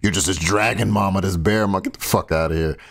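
A man's voice: low voice, fairly even intonation, fast talker, a bit bright. A man hosting a casual reaction stream, commenting bluntly and crudely on clips with joking asides.

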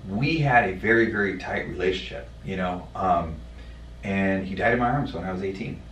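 A man telling a personal story in a podcast conversation, blunt and profane, halting with many fillers. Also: deep voice, fairly bright tone, a little hiss or hum. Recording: roomy sound from a distant mic.

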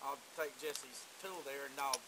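A man's voice: medium pitch, normal speed, a loud crowd. A man at a family gathering, telling a rambling story in casual chat, picked up by a home camcorder. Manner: rambling, repeats himself.

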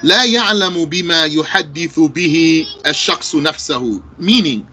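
A man teaching a religious lesson, reading Arabic texts and explaining them slowly line by line in English. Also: on the high side, expressive, bright, forceful tone, faint music behind, poor audio.

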